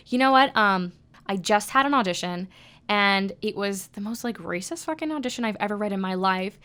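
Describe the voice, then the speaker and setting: A woman's voice: mid-range voice, a bit bright. A woman co-hosting a podcast, chatting casually and animatedly, swearing now and then. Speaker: podcast co-host. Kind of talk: casual chat.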